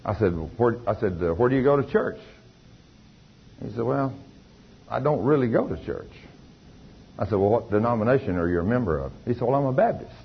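A man's voice: medium pitch, lively intonation, brisk, gravelly, long pauses, slightly rough. An older man telling his testimony in an emphatic, folksy preaching style. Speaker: lay preacher giving testimony. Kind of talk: testimony sermon. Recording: dull lo-fi recording with faint noise.

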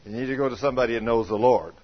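A man's voice: mid-range voice, racing, lo-fi sound. A man preaching a folksy sermon, telling stories and acting out what people said. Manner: animated, acts out quoted voices, shouts in anecdotes. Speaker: pastor.

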